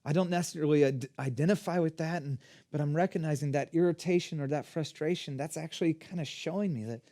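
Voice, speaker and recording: A man preaching a sermon as a pastor, in an energetic, conversational teaching manner. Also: fairly high pitch, fast.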